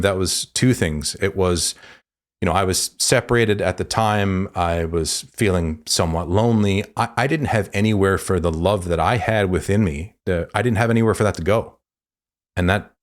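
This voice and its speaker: A man hosting a podcast, telling a personal story in a halting, earnest way with many restarts. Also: sits low. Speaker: podcast host. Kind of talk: podcast interview.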